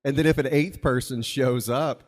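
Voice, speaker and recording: A man's voice: mid-range voice, moderate pace. A man from Mississippi, telling a rambling, casual story at a live open mic with chuckling asides. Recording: long reverb of a live venue.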